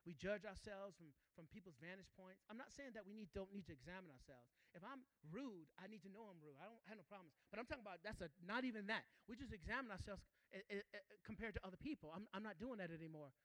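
High bright preacher guy, aave, gets loud and repeats himself, dry sound. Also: quick pace, few pauses, no echo. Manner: rising to shouts, repeats phrases, calls out to the congregation. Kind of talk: sermon.

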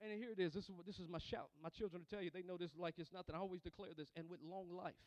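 A man's voice: high-pitched, fairly even intonation, rapid-fire, dry recording. A man preaching a sermon as pastor, calling for responses from the congregation and often repeating words and restarting lines as he goes.

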